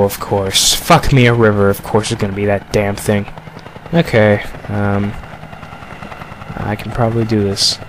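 A young man talking through a game in character, swearing and sarcastic with sudden excited outbursts. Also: mid-range voice. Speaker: gamer playing a paranoid character. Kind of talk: in-character gameplay commentary. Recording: game gunfire noise behind voice.

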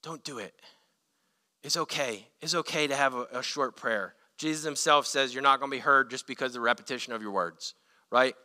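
A man's voice: mid-range voice, fairly quick, pushed and bright. A man preaching a sermon as pastor, earnest and emphatic, building intensity as he makes his points. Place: church sanctuary. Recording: long church reverb.

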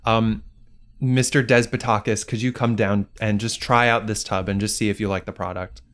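A man's voice: on the low side, steady tone, normal speed, fairly bright tone, close to an everyday voice. A man playing an awkward bathtub product salesman in an improv comedy scene, fumbling his words. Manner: fumbling, stumbles over names.

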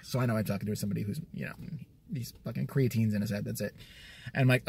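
A man's voice: lowish voice, fairly even intonation, fast, creaky, a little mellow, slightly rough, dry recording. A man telling a profane, sarcastic comic rant with an exasperated edge. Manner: sarcastic, swears a lot, exasperated. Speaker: vlogger.

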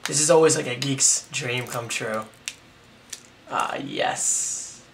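Hoarse excited young man unboxing. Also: mid-range voice, moderate pace, distant mic, background noise. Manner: excited, rambling, self-deprecating. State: hoarse, raspy from yelling. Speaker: tech vlogger. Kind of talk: casual unboxing vlog.

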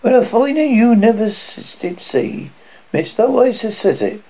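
A motherly, rough-spoken woman off a canal barge, as a man reading the story puts her on. Her voice sits higher than plain talk and rasps with gravel, rambling in ungrammatical dialect. The recording sounds dull and lo-fi. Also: sing-song, a little slow, warm tone, full character voice. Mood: proud.

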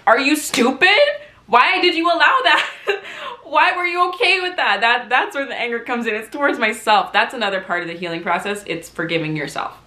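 A young woman talking openly in a personal vlog, emotional and a little teary, moving between quiet reflection and loud self-mocking outbursts. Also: mid-range voice. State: teary, recovering from crying. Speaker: vlogger. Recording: echoey room.

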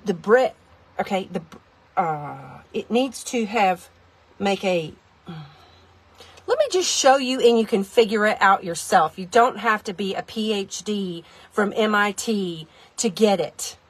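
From her car, a woman reviews a kitchen gadget for a casual vlog, rambling and teasing herself as she addresses viewers. Her mid-range voice has a breathy edge and lively intonation, and she keeps a measured pace.

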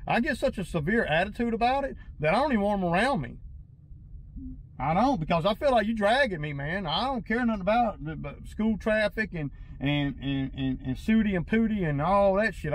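A man's voice: high voice, slight background noise, low-quality recording. A man venting to his viewers in a casual vlog, agitated and rambling, tripping over and repeating his words. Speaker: lawn care business owner.

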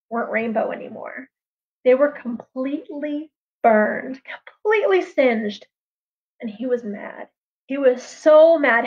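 A woman storyteller telling a traditional tale on a livestream in a lively, chatty way, with casual asides. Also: high voice. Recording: dull lo-fi livestream audio.

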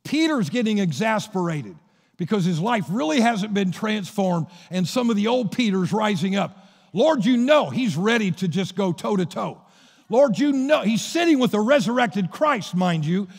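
High-voiced, gravelly preaching man. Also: very animated, moderate pace. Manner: storytelling preacher retelling Bible scenes. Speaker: pastor. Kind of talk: sermon. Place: church sanctuary. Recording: long reverb of a church hall.

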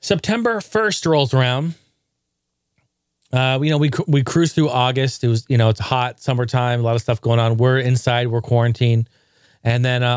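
Male solo podcaster, mid-pitched, earnest rambling delivery, dry close-miked sound. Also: no echo. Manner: earnest, rambling, with many fillers and restarts. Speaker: podcast host. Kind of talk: casual solo podcast monologue.

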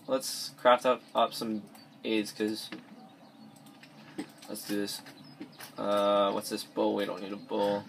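A teenage boy plays a game and comments in his bedroom with a lowish, slightly bright voice, completely flat, a little slow and with long pauses. He rambles, restarts often and mumbles asides; his cheap or device mic has a little hiss or hum.

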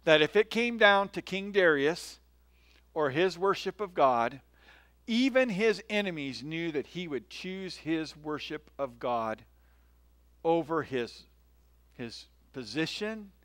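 A male pastor delivers a sermon in a friendly, storytelling way, often pausing to ask his listeners "right?" His voice sits a little high for a man. The sound is dry, with almost no room echo. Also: animated, a bit bright, clear, resonant tone. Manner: conversational, tells stories, often checks in with "right?". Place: church.

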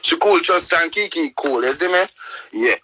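A young man with a Jamaican accent, live-streaming a profane, loud-mouthed rant in patois. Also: on the high side, expressive, normal speed, noisy background. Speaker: livestreamer.

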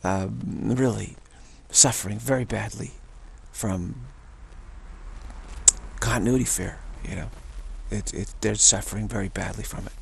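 Gravelly low-voiced man musing on faith. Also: fairly even intonation, measured pace, a little hiss or hum. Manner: rambling, repeats himself, chuckles. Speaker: spiritual teacher. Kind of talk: casual spiritual monologue. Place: at home, self-taped.

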